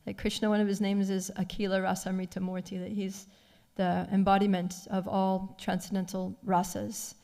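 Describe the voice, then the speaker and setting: A woman giving a devotional scripture class, retelling a story with animated feeling and frequent soft laughs. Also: mid-range voice, moderate pace, creaky, in a large hall. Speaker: class speaker. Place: temple class.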